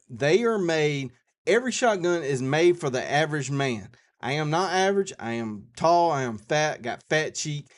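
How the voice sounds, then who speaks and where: A man with a Southern US accent, hosting a live stream and answering viewers' questions in a folksy, rambling way, thinking out loud as he goes. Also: a little high. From South Carolina. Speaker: outdoors channel host.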